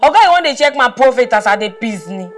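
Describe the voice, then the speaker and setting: A man's voice: very high voice, sing-song, fast. An actor playing a cheeky, defensive young man, speaking in Nigerian Pidgin. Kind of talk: comedic drama acting. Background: music.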